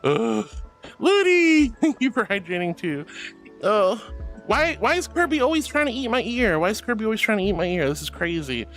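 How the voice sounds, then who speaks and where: Reading chat during a casual livestream, this woman VTuber effusively thanks her viewers using cutesy language from her indoor VR streaming setup. She sounds animated and fairly quick, mid-range and fairly bright, over soft background music.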